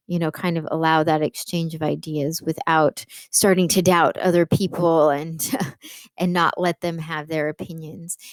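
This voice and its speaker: A woman's voice: low-pitched, no room sound. A woman English teacher explaining a poem in a patient classroom lecture, with frequent fillers.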